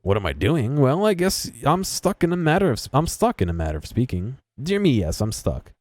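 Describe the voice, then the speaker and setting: A man voicing a pompous, old-fashioned bearded old gentleman stuck in a tower, talking in a fussy posh manner. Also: deep voice, sing-song, normal speed, husky, no echo, voice pushed down, exaggerated voice.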